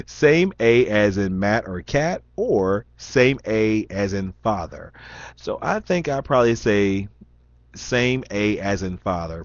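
With a mid-range voice and a hint of a Southern Indiana accent, this young vlogger chats loosely while reading questions aloud, often saying um and starting over. The sound is dull, dry lo-fi with no room sound.

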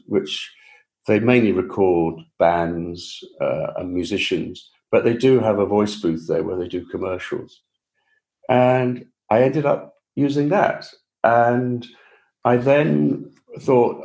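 A man's voice: lowish voice, a little mellow. A man with a Received Pronunciation English accent, a guest author telling his story in a chatty, self-deprecating way during a casual interview. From England.

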